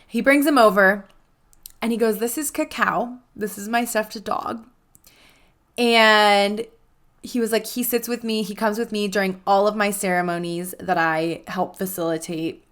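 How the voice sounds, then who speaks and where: A young adult woman hosting a podcast, telling a personal story in a casual, animated way and acting out the dialogue with lots of "like.". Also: mid-range voice, measured pace. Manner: animated, acts out quoted dialogue, frequent "like". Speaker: podcast host.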